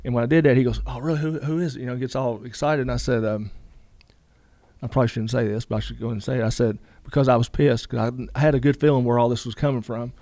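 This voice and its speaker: A middle-aged man tells his story at a quick clip, rambling through fillers and acting out what others said. The recording is close and dry, with no room sound. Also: mid-range voice, steady tone, darkish tone, no echo. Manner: rambling, many fillers, quotes others in dialogue. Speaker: guest. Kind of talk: casual storytelling.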